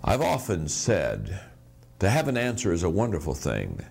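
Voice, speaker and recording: Male speaker, very low gravelly voice, earnest inspirational talk. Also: wildly swooping pitch, normal speed, darkish tone. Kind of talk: inspirational speech.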